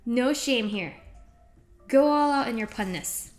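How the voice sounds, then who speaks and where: Over loud music, a woman with a slightly high voice and lively intonation talks a little slowly. She livestreams herself cooking in her home kitchen, playfully reading viewers' messages aloud, answering them and exchanging puns.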